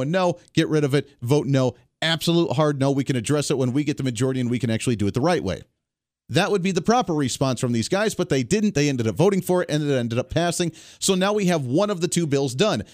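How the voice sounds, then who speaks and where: A man's voice: a little high, no echo. A man hosting a talk radio show, giving blunt, opinionated, emphatic political commentary from a studio.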